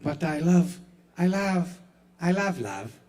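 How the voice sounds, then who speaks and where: A timid, stammering bookstore clerk, played by a man, speaking softly and haltingly. He trips over his words with awkward nerves. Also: on the high side, sing-song, pitched above the performer's own voice. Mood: nervous. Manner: stammering, timid, soft-spoken. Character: shy nervous male bookstore clerk, awkward.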